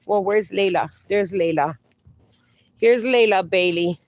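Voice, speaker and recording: A woman's voice: medium pitch, a little slow, dry recording. A woman hosting a casual livestream, reading viewer comments aloud and cooing at her dogs, a little sniffly from allergies. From USA. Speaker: livestream host.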